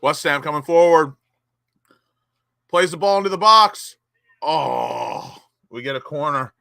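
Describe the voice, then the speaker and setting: Young man, football fan watch-along host, bright forceful voice, crisp, dry close sound. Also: on the high side, unhurried, pauses often, no room sound. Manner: excitable fan, cheering and shouting at goals.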